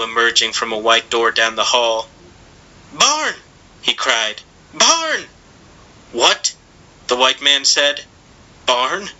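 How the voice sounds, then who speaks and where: Male audiobook reader, bright-toned, measured literary storytelling. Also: medium pitch, low-quality recording. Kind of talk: literary fiction reading.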